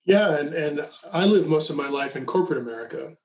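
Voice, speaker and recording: A man co-hosting a podcast, talking through his ideas in a measured, reflective way. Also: a little high, animated, poor audio. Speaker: podcast co-host. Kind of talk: conversational discussion.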